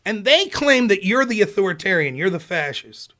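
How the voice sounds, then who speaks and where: A man with a high voice delivers a heated political rant on his stream. He is sarcastic and keeps firing questions at his audience. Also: sing-song, moderate pace, pushed and bright. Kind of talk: casual ranting commentary.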